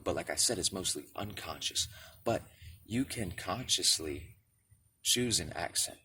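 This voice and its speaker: In a low voice that sounds pushed and bright, a spiritual video creator from Michigan, United States, speaks casually to camera, regularly checking in with "right?" and "okay?". A distant mic captures him along with a little hiss or hum.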